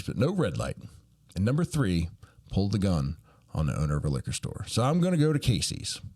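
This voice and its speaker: A young man with a drawl delivers a comedic storytelling monologue. His pitch swings widely as he builds each joke, and his tone stays folksy and conversational. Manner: folksy, animated, acts out quoted voices.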